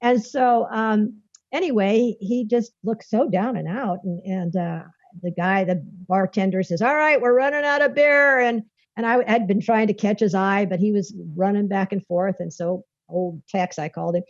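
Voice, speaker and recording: A woman's voice: mid-range voice, moderate pace, darkish tone, dry recording. A woman who is a guest author, telling a story in a rambling, folksy way and laughing often between sentences. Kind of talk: conversational storytelling. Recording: dull lo-fi dry recording.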